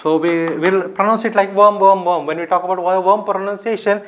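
A man's voice: high voice, fairly even intonation, fairly quick, slight background noise. A man giving a recorded lecture, explaining step by step, often asking his own questions and answering them.

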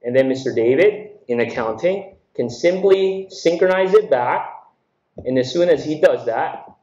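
A man from the Philippines giving a jokey, energetic conference keynote, calling the crowd friends. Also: a little high, a little slow. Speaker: keynote speaker. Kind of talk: humorous conference keynote with live demo. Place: large conference hall. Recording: echoey hall from far off, dull.

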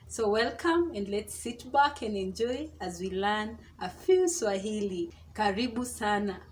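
A woman teaching a casual online language lesson, saying each example phrase slowly and several times so that learners can follow. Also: a little high, darkish tone, a little hiss or hum. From Kenya. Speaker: Swahili teacher.

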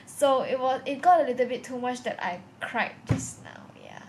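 A woman's voice: high voice, moderate pace, slight background noise. Chatty young Malaysian woman vlogger. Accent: Malaysian English. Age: young adult. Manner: chatty, expressive storyteller with many "like" fillers. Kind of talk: casual vlog chat.

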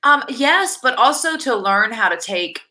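A woman's voice: a little high, expressive, a little slow, bright, forceful tone, low-quality recording. A woman wrestler as a guest, speaking frankly and rambling with many fillers in a casual interview. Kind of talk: casual video interview chat.

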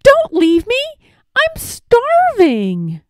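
Brief: a high, calling prankster elephant, read by a woman in a picture book. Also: big pitch swings, slow, darkish tone, smooth, no echo, studio quality. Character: mischievous male elephant cousin, prankster.

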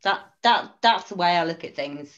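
A woman's voice: on the low side, expressive, moderate pace, a bit bright, lo-fi sound. A woman who works as a battlefield guide, speaking frankly and from the heart in a panel discussion, with many hesitations.

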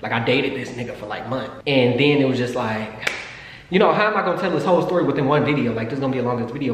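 A man telling a storytime in a casual, excitable, profane way to his viewers. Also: medium pitch, rapid-fire. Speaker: vlogger. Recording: echoey room with long reverb, faint noise.

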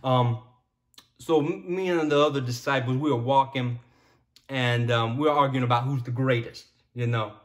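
A man's voice: mid-range voice, normal speed, natural voice. A man voicing a boastful male disciple and former tax collector with a put-on Brooklyn-Italian accent, in a slangy bragging manner. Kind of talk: casual sermon retelling.

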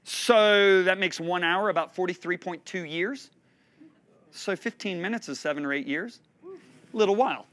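A man in his fifties preaching a sermon, telling stories expressively and swinging between loud and hushed delivery. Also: high-pitched, moderate pace. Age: 50s. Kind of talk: sermon teaching.

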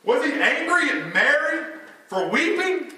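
High-voiced preaching pastor in an echoey church. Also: male voice, very animated, a little slow. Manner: preaching with rhetorical questions, sudden drops to a hush. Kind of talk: sermon. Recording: echoey hall, voice from a distance, faint noise.

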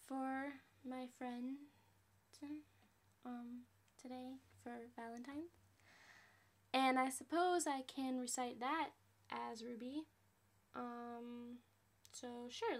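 A woman hosting a casual question-and-answer vlog, rambling, self-deprecating and quick to apologize. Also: sits high. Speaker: channel host answering fan questions.

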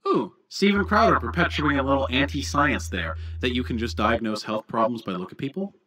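A man's voice: medium pitch, animated, a little fast, fairly bright tone, slightly rough. A man giving livestream commentary on a video, mocking and swearing as he talks.

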